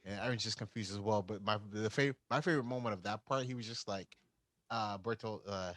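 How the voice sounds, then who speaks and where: A man's voice: on the low side, steady tone, quick pace, fairly bright tone, dry recording, rough recording. A man co-hosting a podcast, casually recapping an anime plot and acting out the characters' lines. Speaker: podcast co-host.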